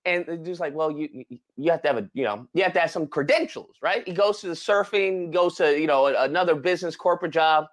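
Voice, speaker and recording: A man co-hosting a podcast, retelling a movie plot in casual chat with animated, dramatic exclamations. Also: on the high side, fast, few pauses. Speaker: podcast co-host.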